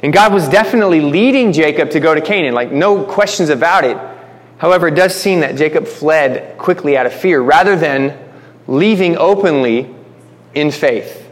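A man's voice: fairly high pitch, lively intonation, moderate pace. A man teaching a conversational Bible-study sermon, speaking informally, restarting phrases and calling his listeners guys. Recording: long hall reverb.

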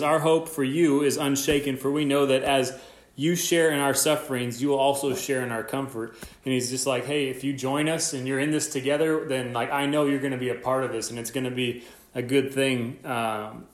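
A man giving a casual, excited sermon as a pastor, talking conversationally with many fillers. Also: mid-range voice. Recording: roomy echo.

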